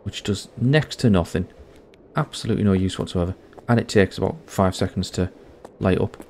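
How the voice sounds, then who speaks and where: Deep-voiced gaming host, dry and wry as he narrates his horror playthrough. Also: a little fast, a little mellow, slight background noise. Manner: dry, wry running commentary. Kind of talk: horror game let's play commentary.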